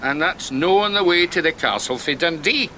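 An actor with a Scottish accent playing a dry, sardonic Highland shepherd. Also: male voice, expressive, normal speed, sharp tone, slight background noise.

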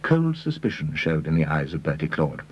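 A man reading a story aloud in a measured storytelling manner. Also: very deep voice, very animated, lo-fi sound, slight background noise. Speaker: audiobook reader. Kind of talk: scripted narration.

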